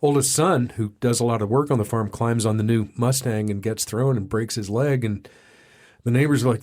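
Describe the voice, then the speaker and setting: A man's voice: mid-range voice, a little fast. A man from Texas hosting a recovery podcast interview, telling a long folksy story with many restarts and self-deprecating asides. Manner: rambling storyteller, animated voices in quotes, self-deprecating. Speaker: podcast host. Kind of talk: casual interview. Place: small studio.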